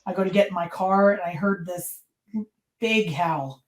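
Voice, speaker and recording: Lively woman storyteller in an echoey room. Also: fairly low pitch, normal speed. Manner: lively storyteller who acts out quotes and laughs often. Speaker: podcast guest. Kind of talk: casual interview storytelling.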